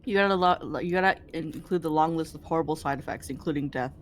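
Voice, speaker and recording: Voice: mid-range voice, fast talker, slight background noise. A guest on a livestream making dry joking asides in casual banter. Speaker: guest co-streamer.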